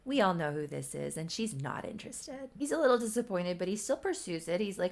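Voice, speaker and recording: A woman's voice: on the low side, very animated, brisk, a little mellow. A woman reading her own old story aloud in a casual, amused way, with wry asides. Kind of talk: casual riffing read-aloud.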